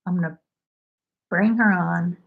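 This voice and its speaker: A woman's voice: lowish voice, steady tone, a little slow, creaky, phone-quality sound. A woman hosting a casual livestream from home, chatting in a rambling way and saying "like" often. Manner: rambling and chatty, heavy use of "like". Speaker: knitting livestream host.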